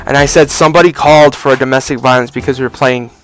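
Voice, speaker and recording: A young man casually telling a story for a vlog, animated and swearing freely, on a cheap mic. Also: medium pitch, fast, soft background music. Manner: animated, profane, acts out voices. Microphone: cheap low-quality mic.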